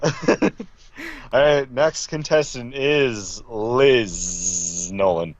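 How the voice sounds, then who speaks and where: A man's voice: mid-range voice, lively intonation, very slow, dry recording, muffled recording. A man co-hosting a casual recap podcast, making dry jokes and reading out contestant profiles. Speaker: podcast co-host.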